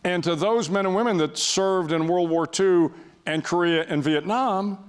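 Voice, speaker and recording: A man's voice: high voice, normal speed. An older man speaking as a guest before an audience, telling a story in a wry, self-deprecating way with frequent restarts.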